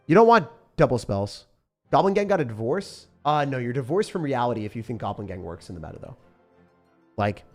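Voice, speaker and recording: A young man streaming a game live, reacting loudly and then mumbling low as he talks through decks. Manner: excitable, swings from shouting to low mumbling. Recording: faint music behind.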